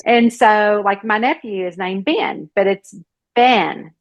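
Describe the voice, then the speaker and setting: A woman's voice: mid-range voice, unhurried, no echo, dull audio. A woman with a Southern American accent, a guest author in a casual interview, telling stories and acting out the voices of people she quotes. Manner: lively storyteller who acts out quoted voices.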